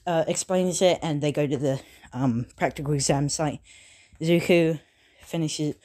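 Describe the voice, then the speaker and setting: Low-voiced woman retelling a story haltingly. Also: mellow. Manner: halting, full of fillers and self-corrections. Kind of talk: casual retelling of a fan story.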